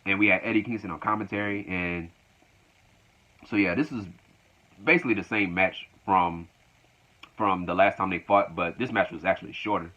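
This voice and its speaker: A man's voice: deep voice, normal speed, long pauses, pushed and bright. A man recapping a wrestling show casually, in a loose, repetitive retelling. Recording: dull lo-fi recording.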